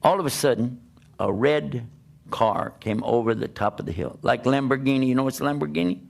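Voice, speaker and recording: An older man preaching through a personal story, animated, laughing and acting out the dialogue. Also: medium pitch, brisk, creaky. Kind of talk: storytelling talk.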